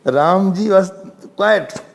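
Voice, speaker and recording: A man's voice: high voice, creaky. A man with an Indian English accent giving a religious discourse, telling stories with chuckles and quoting scripture. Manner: animated, chuckling storyteller, quotes scripture. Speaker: spiritual teacher. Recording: reverberant lecture hall.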